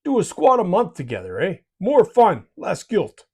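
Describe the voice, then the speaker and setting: A man's voice: high voice, huge pitch swings, moderate pace, darkish tone, breathy edge. A man hosts a miniature painting channel, giving scripted hobby advice in a jokey, folksy way. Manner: jokey and folksy, tags lines with "eh".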